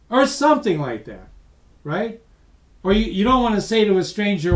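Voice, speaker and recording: A man presenting a webinar as a lively, emphatic storyteller who speaks straight to his audience. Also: sits high, moderate pace, echoey room. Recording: voice distant from the mic.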